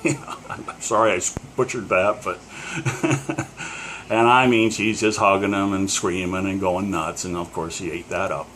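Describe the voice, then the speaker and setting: A middle-aged man from Pennsylvania with a somewhat low voice tells a story straight to the camera. He rambles, stops and restarts with plenty of fillers and chuckles. There is a faint hum of room noise behind him. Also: fairly even intonation, a little slow, fairly bright tone. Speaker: collector.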